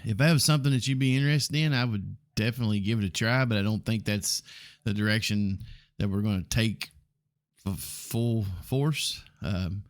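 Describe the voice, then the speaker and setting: Man, 40s, southern accent, lowish voice, rambling and blunt, casual podcast host. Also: moderate pace. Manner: rambling, blunt, frequent ums and mild swearing. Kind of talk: casual solo podcast talk.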